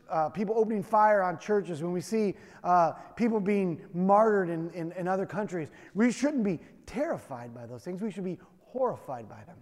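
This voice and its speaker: A man's voice: high-pitched, darkish tone, big-room sound. A man preaching a sermon in a conversational, emphatic way, with self-deprecating humor. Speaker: pastor.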